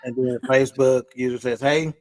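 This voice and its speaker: A man's voice: medium pitch, steady tone, moderate pace, vocal fry, darkish tone, no room sound. A man hosting a casual live-stream talk show, reading out viewer comments in an easygoing, teasing way. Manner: easygoing, teasing, many fillers. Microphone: live stream video call.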